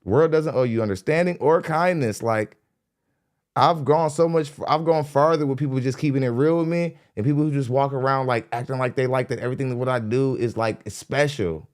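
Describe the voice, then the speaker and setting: A man with a mid-range voice hosts a podcast, reacting to a clip with blunt commentary. He talks in a casual, animated way and breaks into laughs often. His voice sits close on a studio dynamic mic. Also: mid-range voice, fairly quick. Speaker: podcast host reacting to a dating show clip.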